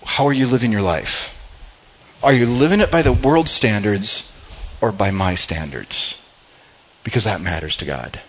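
A man's voice: on the low side, animated, measured pace, long pauses, slightly rough, dull audio. A pastor preaching a sermon in a conversational way, often repeating words and restarting his sentences.

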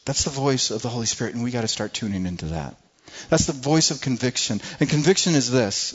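A man preaching a sermon with emphasis, often repeating words as he restarts. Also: a little high. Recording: muffled lo-fi recording.

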